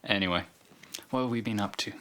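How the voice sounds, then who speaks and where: A man co-hosting a podcast, playful and quick to laugh. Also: on the low side, pushed and bright. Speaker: podcast co-host. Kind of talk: casual chat.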